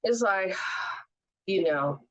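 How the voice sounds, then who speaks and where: A woman from Oakland hosting a casual chat, speaking with a slow drawl. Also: medium pitch, animated, dull audio. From Oakland, California. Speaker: host.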